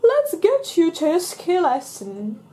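A woman's voice: very high voice, wildly swooping pitch, slow pace, warm tone, pitched above the performer's own voice, full character voice. A woman voicing a jolly father pig in a storybook reading, speaking heartily.

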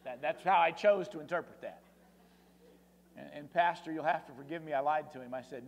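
A man's voice: a little high, slight background noise. Man preaching in a reverberant church. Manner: dramatic swings in volume, slow emphatic repetition. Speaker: guest preacher. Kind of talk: sermon with personal stories. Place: church sanctuary.

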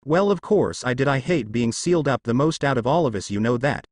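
A brash, loud sand raccoon spirit, put on by a man who reads the whole story. He fires off his lines bluntly and impatiently. The reading is dry and close. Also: medium pitch, animated, fairly quick, no echo, close to an everyday voice.

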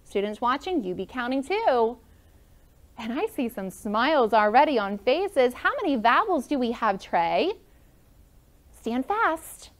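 A woman's voice: fairly high pitch, very animated, a little slow. A woman teaching a first grade classroom lesson, upbeat and encouraging as she calls on pupils by name. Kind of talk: classroom lesson for students and viewers.

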